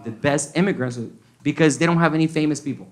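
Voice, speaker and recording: In a very noisy recording, a Colombian man with a fairly high voice talks fast on a comedy club stage before an audience. His stand-up set, in a Colombian accent, mixes English and Spanish while he acts out the people in his stories.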